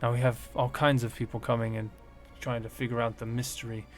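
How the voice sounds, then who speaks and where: Man doing a high flustered woman gnome. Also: animated, a little slow, fairly bright tone, soft background music. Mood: exasperated. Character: fussy red-headed woman gnome scientist.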